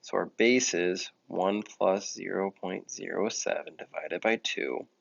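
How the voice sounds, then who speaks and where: A man with a low, gravelly voice speaks a little slowly while teaching a math lesson in a recorded classroom. His explanations are casual and he often corrects himself, and the lo-fi audio sounds dull.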